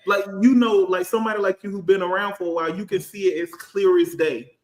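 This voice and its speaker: A man in his thirties, a finance professional on a casual panel, talking in an animated, storytelling way. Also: high voice, quick pace, roomy sound. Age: 30s. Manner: animated, storytelling, acts out quotes.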